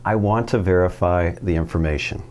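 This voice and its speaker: A man with a somewhat low-pitched voice teaches a relaxed video lesson. He keeps it upbeat, firing questions at the viewer and answering them himself as he walks through each step. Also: fairly quick. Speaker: Spanish teacher.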